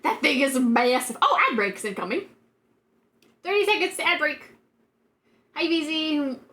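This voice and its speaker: A high-pitched woman chatting on her live stream, unhurried in her delivery. She rambles, giggles often and leans on filler words as she reacts to chat. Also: animated, bright, forceful tone.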